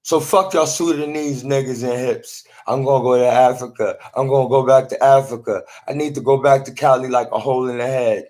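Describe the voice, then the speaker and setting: A man's voice: mid-range voice, fairly even intonation, a little fast, few pauses, darkish tone. A man talking to a phone in a rambling monologue, often repeating and restarting his words.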